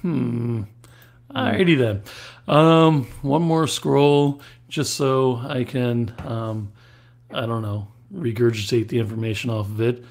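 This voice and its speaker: A man's voice: mid-range voice, takes it slowly, vocal fry, darkish tone. Male podcast host, mid-range voice, easygoing casual chat. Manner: easygoing, laughs often.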